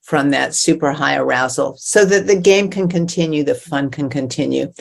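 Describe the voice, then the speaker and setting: A woman dog trainer chatting in a relaxed, thoughtful way with occasional fillers. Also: low voice, normal speed, gravelly. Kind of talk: casual webinar chat.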